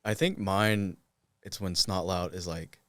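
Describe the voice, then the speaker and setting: Low-voiced young man, casual and rambling. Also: fairly even intonation, a little slow, fairly bright tone, no room sound, studio quality. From Cherokee Nation, Oklahoma. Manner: loose, filler-heavy talk, many "like"s. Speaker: voice actor guest. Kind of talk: casual interview chat.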